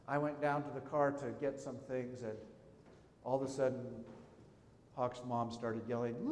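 A man's voice: medium pitch, darkish tone. A middle-aged man preaching a conversational sermon as pastor, telling stories and asking the congregation questions. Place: church sanctuary. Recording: echoey church hall with a long reverb.

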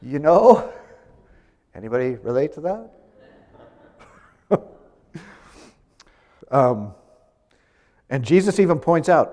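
A man delivers a sermon in a conversational manner, turning to the congregation with light, humorous asides. His voice sits a little on the high side for a man. The sound carries a long reverb from the church. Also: big pitch swings, takes it slowly, long pauses, mellow. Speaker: preacher. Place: church sanctuary.

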